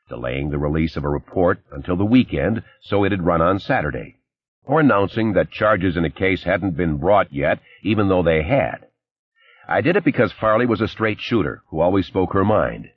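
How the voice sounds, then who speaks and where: A man reading a first-person crime novel aloud in a measured, understated way. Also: sits low, expressive, breathy edge, no echo. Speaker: audiobook narrator. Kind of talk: scripted first-person narration. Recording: slightly dull, dry recording.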